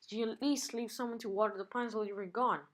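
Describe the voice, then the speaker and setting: A woman's voice: fairly high pitch, steady tone, fast talker, a bit bright, close to an everyday voice. A woman reading aloud and voicing an exasperated, scolding female plant villain from a comic book.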